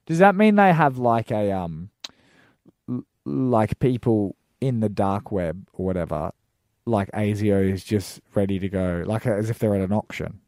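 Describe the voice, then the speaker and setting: A man co-hosting a radio comedy show, quick-witted and teasing. His pitch moves freely, and he is heard close and dry. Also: animated, a little mellow, dry recording. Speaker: radio co-host.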